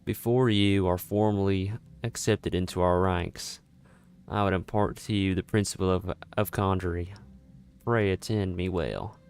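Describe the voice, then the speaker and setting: A man voicing a solemn male guildmaster of healing mages in a put-on general Southern US accent, reading game dialogue aloud with formal, measured delivery. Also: low-pitched, a little mellow, smooth.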